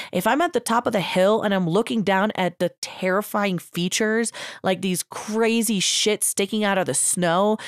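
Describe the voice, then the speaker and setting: A woman's voice: medium pitch, no room sound, clean studio sound. A young woman hosting a podcast, giving a casual, emphatic motivational monologue full of filler words. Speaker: podcast host.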